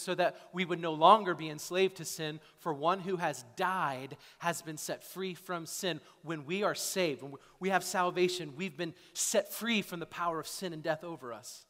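High-voiced preacher in an echoey hall. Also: male voice, fairly bright tone. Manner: conversational, frequent "right?" and "okay?" tags. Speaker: pastor. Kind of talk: sermon. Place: church sanctuary.

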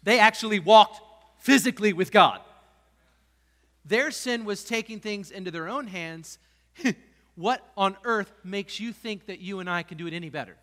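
A man's voice: high-pitched, moderate pace, fairly bright tone, big-room sound. A man, a pastor, preaching a sermon with passion and emphatic peaks, in a church sanctuary.

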